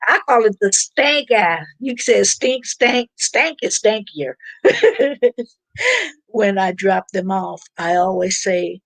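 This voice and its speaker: Woman, live-stream host, casual chatty talk, unhurried delivery, dry close sound. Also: medium pitch, no echo. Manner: chatty, informal, preachy about faith. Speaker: livestream host reading viewer comments.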